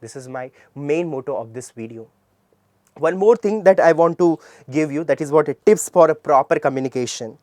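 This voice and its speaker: A man's voice: fairly high pitch, moderate pace, warm tone, no room sound, clean studio sound. A man with an Indian English accent teaching English pronunciation. He spells words out letter by letter and repeats them with emphasis. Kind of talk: classroom lecture.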